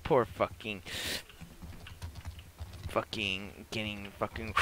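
A man's voice: mid-range voice, a little slow, bright, forceful tone, a little hiss or hum. A man giving live gameplay commentary, swearing constantly and blurting frustrated outbursts at enemies while admitting he is new to the game. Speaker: gamer playing a multiplayer beta.

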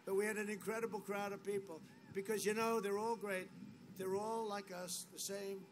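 A man's voice: high-pitched, level tone, normal speed. A man giving a rambling, boastful rally speech outdoors, full of repetition and asides. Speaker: political speaker at a rally. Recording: noisy outdoor rally audio.

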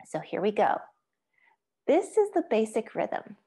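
A woman's voice: fairly high pitch, very animated, measured pace, warm tone, husky. A woman teaching an online music lesson, giving patient step-by-step instructions and chanting rhythm syllables and counts. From Asia.

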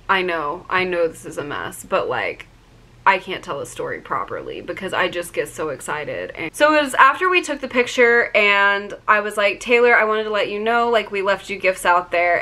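A woman's voice: medium pitch, pushed and bright. A young woman telling a story to her camera, gushing and rambling with lots of fillers and restarts. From Virginia. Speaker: vlogger.

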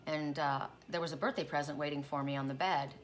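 A woman's voice: low-pitched, fairly even intonation, fairly quick, a little hiss or hum. A middle-aged woman, a tarot reader, telling a personal dream story in a rambling, self-interrupting way. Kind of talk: casual spoken storytelling.

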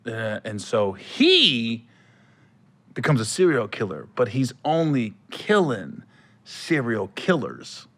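Animated, bright-voiced male comedian. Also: medium pitch, slow. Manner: animated, laughing, storytelling. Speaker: podcast host and comedian. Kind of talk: casual podcast banter.

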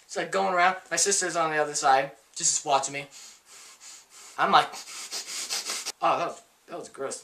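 A man telling a funny personal story in a casual, animated, self-mocking way. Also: high-pitched, recorded from a distance.

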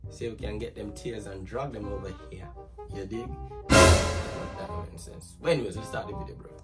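A man's voice: fairly low pitch, fast. A man with a Jamaican accent hosting a casual vlog, slangy and loose, tossing "bro" and "you dig" into every line while he chats to strangers on a video app. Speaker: YouTube host. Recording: distant mic with loud music behind.

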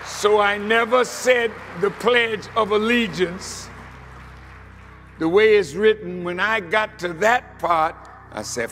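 A man delivering a sermon as a minister, swinging between hushed lines and shouted points. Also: sits high, slow, long reverb tail, soft background music.

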